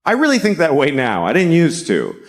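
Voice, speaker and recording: A middle-aged man doing a stand-up comedy set, deadpan and profane, building to shouted rants. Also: fairly high pitch, fairly quick. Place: comedy stage before a live audience.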